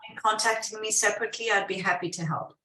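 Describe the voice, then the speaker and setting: Woman guest, measured and reassuring, off-mic in an echoey room. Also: medium pitch, bright, forceful tone. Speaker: guest medical intuitive. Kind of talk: calm explanatory talk. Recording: roomy, distant from the mic.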